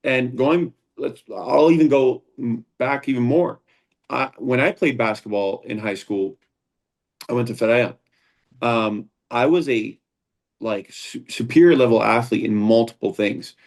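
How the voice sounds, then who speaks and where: A man's voice: medium pitch, a little slow. A man, a founder and combat sports instructor, talking as a guest in a casual interview, earnest and rambling, with frequent restarts.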